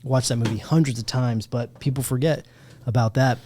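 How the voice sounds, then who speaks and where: A man in his thirties hosting a podcast, chatting casually about a movie, animated and jokey, with plenty of swearing. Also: mid-range voice, brisk, no room sound. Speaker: podcast host. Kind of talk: casual movie review chat.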